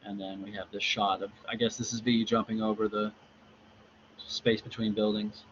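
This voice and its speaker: A man's voice: lowish voice, flat delivery, moderate pace, a bit bright, lo-fi sound, a little hiss or hum. A male lecturer reading a graphic novel aloud and explaining it in a casual, hesitant way with many fillers. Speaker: literature lecturer.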